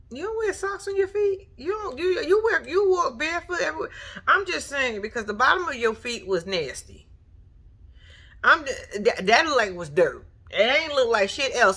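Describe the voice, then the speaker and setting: A woman's voice: high voice, bright, forceful tone. A woman giving blunt, profane reaction commentary in a casual vlog, talking straight at the person on the show. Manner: blunt, profane, sassy, talks straight at the TV figure. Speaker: reaction vlogger.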